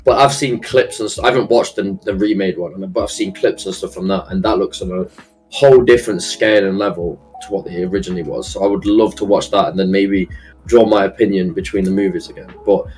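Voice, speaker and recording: A man's voice: sits low, fast, darkish tone, faint music behind. A man talking as a guest on a casual stream, hesitant, with many restarts and self-deprecating laughs. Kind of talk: casual chat.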